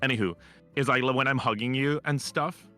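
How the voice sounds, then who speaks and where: Cocky man, bright voice. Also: mid-range voice, normal speed, faint music behind. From Ireland. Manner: cocky, teasing storyteller. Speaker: collab guest streamer. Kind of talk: casual chat.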